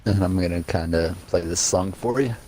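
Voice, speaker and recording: A man's voice: low-pitched, moderate pace, darkish tone, a little hiss or hum. A man in a casual voice chat with a friend, ranting bluntly and swearing often.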